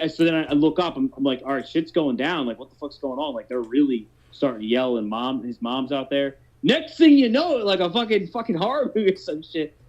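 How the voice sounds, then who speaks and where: A man's voice: fairly high pitch, a little mellow. Man in his thirties, podcast storyteller, rambling, swears a lot, muffled lo-fi sound. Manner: rambling, profane, many restarts. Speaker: podcast host telling a story. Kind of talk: casual storytelling chat. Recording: dull lo-fi podcast audio.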